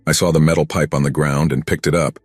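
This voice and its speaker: A man narrating a first-person horror story in a steady, grim, scripted telling. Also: rumbling low, quick pace, dry recording, clean studio sound.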